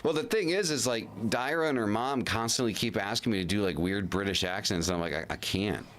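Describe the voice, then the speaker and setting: A man with a deep, low-pitched voice hosts a livestream in relaxed, rambling chat. He often restarts his sentences and swears casually as he talks. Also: fast talker. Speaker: livestream host.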